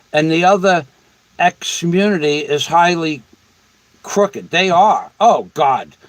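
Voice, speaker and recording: A man's voice: a little high, no echo, rough recording. Blunt, profane male livestream host. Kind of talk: casual livestream chat reading comments.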